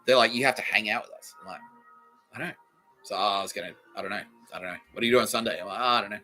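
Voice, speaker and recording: A young Australian man rambles through a comic story for his podcast, cursing freely and putting on the voices of the people he quotes. His voice has a bright, forward edge. Faint music runs underneath. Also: on the low side, rapid-fire. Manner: profane, laughing, acts out quoted people. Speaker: podcast host. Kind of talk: comedic storytelling monologue.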